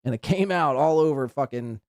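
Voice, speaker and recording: A man's voice: medium pitch, animated, fairly quick, no echo, clean studio sound. Crude, sarcastic male podcast host. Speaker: podcast host reacting to clips. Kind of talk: casual live commentary over clips.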